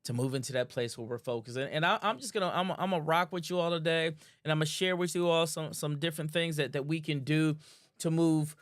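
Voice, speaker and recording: A man with a smooth, resonant voice, pitched a touch higher than most men, talks like a hype host warming up a livestream crowd. He loops back over his own phrases and stumbles through restarts, always upbeat. The sound is close and dry. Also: a little fast, dry recording. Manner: energetic, repeats phrases, ends lines with "man". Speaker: host of a live online show. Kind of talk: casual hyped-up livestream talk.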